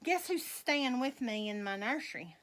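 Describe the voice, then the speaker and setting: A middle-aged woman, chatting with viewers in a slow, folksy, rambling way and laughing often. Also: a little high, big pitch swings, fairly bright tone. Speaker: vlogger dressing reborn dolls. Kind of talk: rambling casual chat to viewers.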